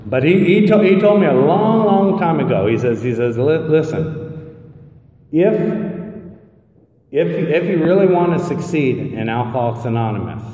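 Speaking to a recovery meeting, a man in his fifties with a warm, medium-pitched voice shares his story. He stumbles over restarts and acts out what others said, recorded from afar in an echoey hall.

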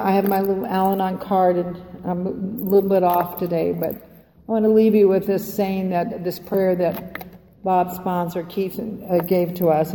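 A woman's voice: fairly low pitch, mellow, slight background noise. An older woman giving a heartfelt, rambling share at a recovery meeting, speaking from a podium in a meeting hall. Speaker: Al-Anon speaker. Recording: echoey hall, faint ambience.

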